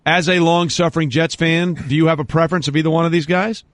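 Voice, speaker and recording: A man's voice: on the high side, steady tone, fast, no echo, studio quality. A man hosting a sports radio show, with wry, teasing banter toward his guests.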